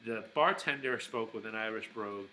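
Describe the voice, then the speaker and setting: A man's voice: on the low side, fairly quick, sharp tone, slight background noise, poor audio. A man talking casually in a rambling vlog, with lots of fillers and restarts. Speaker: vlogger.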